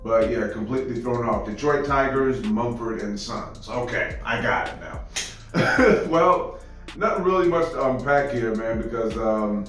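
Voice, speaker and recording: A man's voice: medium pitch, measured pace, fairly bright tone, heavy reverb, distant mic, faint music behind, poor audio. A man hosting a reaction video, talking in a laid-back, rambling way full of fillers. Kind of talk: casual reaction commentary.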